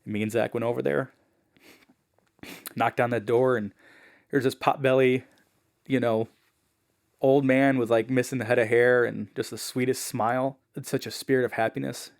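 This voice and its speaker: Brief: gravelly male podcast guest, casual and animated, mid-range pitch, acts out quotes in his story. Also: moderate pace, pauses often. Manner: fillers like "man" and "like".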